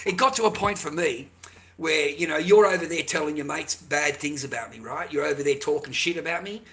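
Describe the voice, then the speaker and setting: A man's voice: sits high, steady tone, fairly quick, pushed and bright. A man on a rambling, profane monologue, often tagging on "right?" and "mate". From Australia. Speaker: vlogger.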